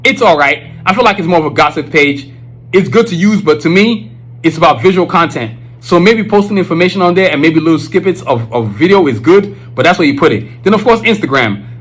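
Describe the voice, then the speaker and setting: Man, podcast host, husky voice, preachy, emphatic casual talk. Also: a little high, animated, brisk, fairly bright tone, poor audio. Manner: emphatic, preachy, lots of filler phrases. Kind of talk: casual monologue.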